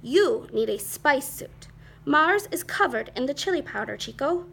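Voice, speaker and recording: A woman's voice: high voice, expressive, measured pace, vocal fry, a bit bright, slight background noise, full character voice. A woman voicing a tiny, cheeky little male chihuahua who jokes in a laid-back way.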